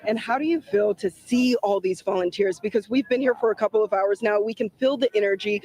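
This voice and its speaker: High-voiced, sympathetic field reporter. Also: male voice, a little mellow, rough recording. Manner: sympathetic, probing questions. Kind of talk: news field interview.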